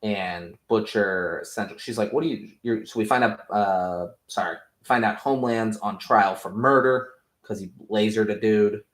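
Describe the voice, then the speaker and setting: Low-voiced man recapping with profanity. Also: steady tone, normal speed, few pauses. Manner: rambling, profane, jokey. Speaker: podcast host. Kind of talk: casual recap of a TV episode. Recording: roomy echo.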